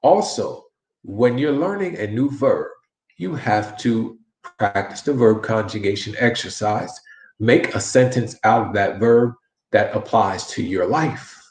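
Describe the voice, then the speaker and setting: Guy with a lowish voice giving a relaxed spanish lesson, repeats stuff a lot, kinda echoey room. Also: measured pace. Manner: repeats phrases and models question inflection, encouraging. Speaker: Spanish teacher. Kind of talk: casual online language lesson.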